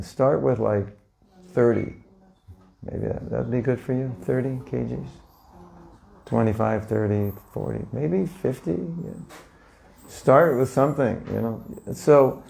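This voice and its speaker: A man's voice: medium pitch, vocal fry, dark tone. A man teaching a live audience in a conversational way, often asking them questions and acting out little scenes. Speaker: spiritual teacher. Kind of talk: informal lecture to a live audience.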